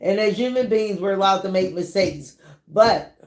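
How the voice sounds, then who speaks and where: A woman hosting a celebrity gossip channel, chatting casually in an animated way, laughing often and drawing out her words. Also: medium pitch, normal speed, reverberant. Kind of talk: casual commentary.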